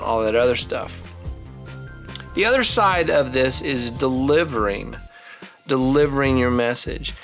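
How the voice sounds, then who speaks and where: This forties-aged vlog host chats casually to camera, working through his thoughts with frequent restarts. He has a medium-pitched, gravelly voice with a fairly bright tone.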